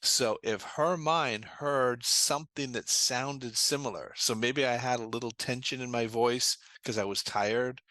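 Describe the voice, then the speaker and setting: Bright, dry-voiced man explaining trauma therapy. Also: medium pitch, fairly even intonation, a little slow, few pauses, no room sound. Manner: earnest, explanatory, tells anecdotes. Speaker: trauma therapist, interview guest. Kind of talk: conversational interview storytelling.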